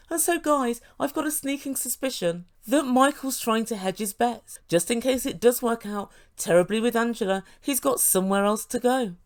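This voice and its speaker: A woman's voice: on the high side, moderate pace, hardly any pauses. A woman giving sarcastic commentary on a reality TV show as a reviewer. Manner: sarcastic, mimics the people she quotes.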